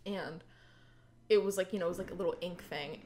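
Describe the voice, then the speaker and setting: A woman's voice: on the low side, a little fast. A young woman in casual chat, telling babysitting stories with lots of fillers, often breaking into laughter. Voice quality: many fillers, giggly, animated storytelling.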